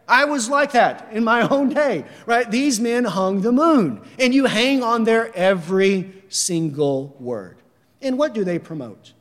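A male pastor delivering a sermon in a high-pitched voice. He talks to the congregation in a conversational way, checking in with "right?" as he goes. Long reverb from the church hall trails after his words. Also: fairly bright tone. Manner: conversational, keeps adding "right?". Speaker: preacher.

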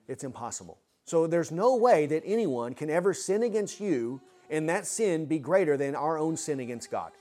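A man's voice: medium pitch, a little mellow. A man preaching an expository sermon, earnest and full of rhetorical questions.

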